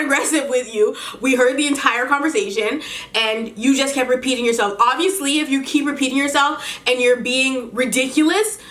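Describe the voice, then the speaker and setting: Animated woman telling a storytime vlog. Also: high voice. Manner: animated, indignant storytelling with laughs. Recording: echoey room.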